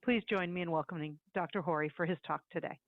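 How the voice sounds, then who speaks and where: Brisk woman host over a phone-like line. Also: on the low side, dry recording. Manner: brisk, read-out delivery. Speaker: webinar host. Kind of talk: scripted introduction.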